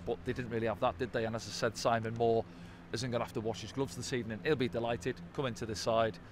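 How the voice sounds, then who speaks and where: A man talks football at a quick clip, breaking down a match casually and tossing in little tag questions. His pitch sits mid-range. Faint traffic noise hums behind him outdoors. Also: flat delivery. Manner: conversational, tag questions like "didn't they?". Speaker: football pundit. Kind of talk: post-match analysis chat.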